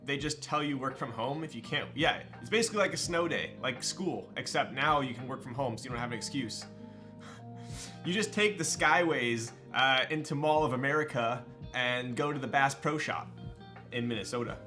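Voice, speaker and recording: A young man from Southern California chatting casually with viewers on a live stream, relaxed and slangy, full of fillers like "um" and "like", with light music playing behind him. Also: mid-range voice, moderate pace. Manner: laid-back, slangy, with frequent fillers and laughs.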